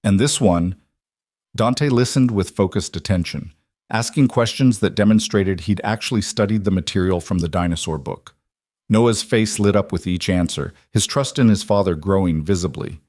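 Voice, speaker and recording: A man narrating a romance story in a measured, even storytelling manner. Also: low voice, no echo, studio quality.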